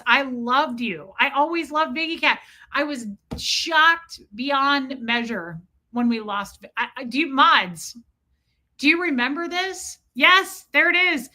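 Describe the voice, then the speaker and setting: A woman hosting a casual live stream, reading chat messages aloud and greeting viewers by name, talking in an effusive, repetitive way. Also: on the high side. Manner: effusive, repeats herself, shout-outs to chat names. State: cold, freezing. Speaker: livestream host. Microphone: streaming mic.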